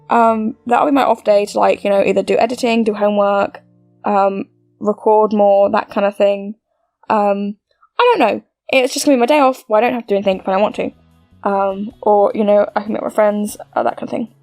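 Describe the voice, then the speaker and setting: A young woman chats to the camera in a bubbly, rambling way, tripping over her words and leaning on fillers. Her voice sits a little high, and the sound is close and dry. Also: creaky, a little mellow, no echo. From United Kingdom. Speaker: YouTuber. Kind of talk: casual to-camera update chat.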